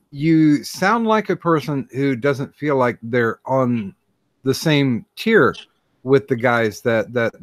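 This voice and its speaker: A male host who speaks slowly and hesitantly, with plenty of pauses as he reads out questions. His voice sounds dry and close, with no room sound. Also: mid-range voice, no echo. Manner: hesitant, many fillers and restarts. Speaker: podcast host. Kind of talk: casual interview.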